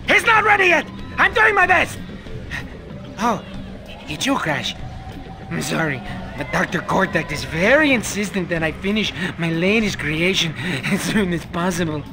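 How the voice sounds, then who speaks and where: A fretful henchman scientist in a video game, nervous and pleading. His voice runs high and jumps around, with a bright edge. Faint music sits behind him. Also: big pitch swings, measured pace, heavily acted. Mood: flustered. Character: nervous, flustered adult male henchman scientist. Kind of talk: video game cutscene acting.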